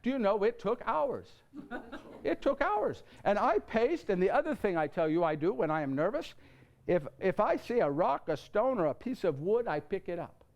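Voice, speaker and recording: In a church, a young adult actor gives a live one-man stage monologue as a nineteen-year-old carpenter, earnest and flustered. His voice sits high and is very animated, moderately paced and a little mellow, with the highs cut off. He stammers, repeats himself and talks straight to the audience.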